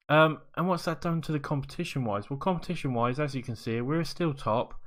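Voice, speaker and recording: Man, football sim commentary, upbeat, rambling, self-correcting, mid pitch. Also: a bit bright. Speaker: video game streamer. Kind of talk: casual gameplay commentary.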